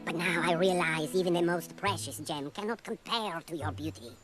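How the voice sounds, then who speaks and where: A woman's voice: lowish voice, normal speed, over music, lightly acted. A woman voicing a lovestruck cartoon chipmunk. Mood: smitten. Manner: gushing, flowery. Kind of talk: film dialogue clip.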